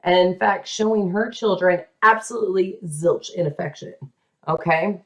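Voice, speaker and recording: A woman hosting a podcast, telling a true story in a casual, dramatic way, with asides and quick voices for the people in it. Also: lowish voice, a bit bright.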